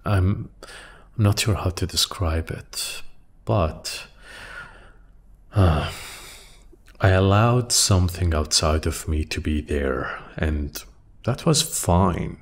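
A man with a very deep voice talks slowly and thoughtfully into a microphone in a quiet room. He muses aloud, restarting phrases and letting them trail off softly. A faint background noise sits under the recording. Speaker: podcast host. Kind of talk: reflective solo monologue. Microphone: studio microphone.

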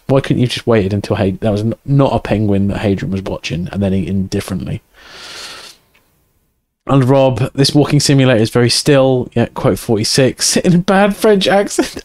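A man's voice: mid-range voice, lively intonation, moderate pace, darkish tone, no echo. A man streaming a game live, chatting casually and joking crudely while reading chat aloud.

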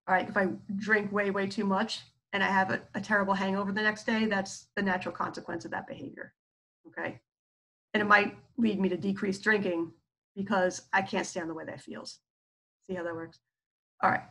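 Sharp in tone and mid-range in pitch, this female psychologist lectures informally about therapy skills. Her delivery is talkative and loaded with fillers and side comments, and she performs quoted speech rather than just reporting it.

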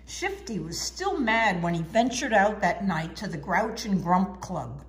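A woman reading a children's storybook aloud in an expressive, sing-song way. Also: mid-range voice, a little slow, background noise. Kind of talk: children's book read-aloud.

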